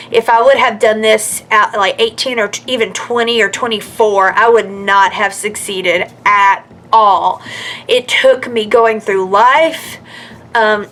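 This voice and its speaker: A woman in her mid-thirties vlogs about her own life, chatty and earnest, full of fillers and restarts. Her voice sits fairly high, with a fairly bright tone.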